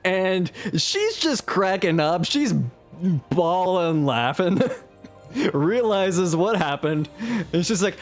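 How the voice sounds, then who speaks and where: A man's voice: sits high, lively intonation, slow, soft background music. A man streaming live, telling a story in a casual, self-mocking way and chuckling as he talks.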